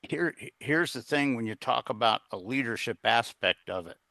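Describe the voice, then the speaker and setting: A man's voice: medium pitch, expressive, normal speed, creaky, bright, forceful tone. A middle-aged man telling a personal story as a guest in an interview, rambling, with plenty of fillers and restarts. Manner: earnest, plain-spoken. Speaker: guest, executive coach.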